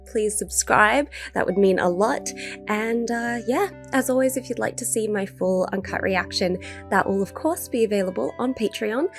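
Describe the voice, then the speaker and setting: A woman hosting a movie reaction video, chatty and enthusiastic with casual fillers. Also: fairly high pitch.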